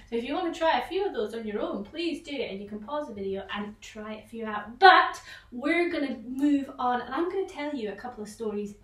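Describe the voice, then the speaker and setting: A woman tutor leading children through an online vocal warm-up, encouraging them and breaking into loud sound-game exclamations. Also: a little high, far from the mic. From Scotland. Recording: echoey room, voice a little off-mic.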